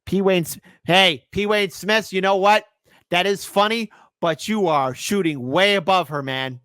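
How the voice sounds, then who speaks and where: A man's voice: sits high, measured pace, a bit bright, clean tone, dry recording, clean studio sound. A man hosting a political commentary stream, reacting sarcastically to clips and reading viewer comments aloud.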